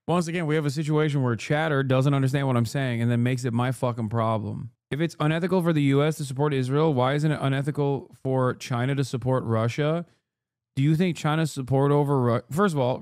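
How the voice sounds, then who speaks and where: A man's voice: medium pitch, darkish tone, no room sound, clean studio sound. Profane, combative male streamer. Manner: profane, combative, rapid asides. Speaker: political streamer. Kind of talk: live-stream commentary reacting to chat.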